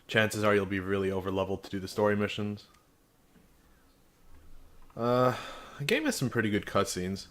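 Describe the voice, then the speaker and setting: A man with a notably deep voice talks through a video game review in a casual way. He is frank and sarcastic, and he slips in dry jokes. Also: fairly bright tone.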